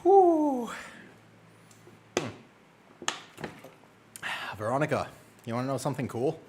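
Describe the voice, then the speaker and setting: Excitable male game streamer, lively pitch. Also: slight background noise. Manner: chatty and excitable, lots of quick exclamations. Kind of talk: casual live-stream chat.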